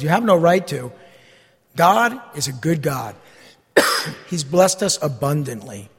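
Raspy, gravelly preacher in a hall. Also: male voice, a little high. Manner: preaching with call-and-response "Amen?" and scripture readings. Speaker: pastor. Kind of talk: sermon.

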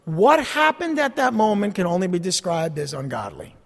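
A pastor preaching a sermon, telling stories about himself with self-deprecating humor. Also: male voice, sits high, lively intonation, normal speed, vocal fry, in a large hall.

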